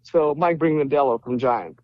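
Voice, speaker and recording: A man from Romania, guest on a podcast, tells his stories with energy and slips into the voices of the people in them. His voice sits a little high. The recording sounds dull and lo-fi. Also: moderate pace, no room sound. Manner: animated storyteller, acts out quoted dialogue. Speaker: guest musician. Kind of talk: casual interview chat.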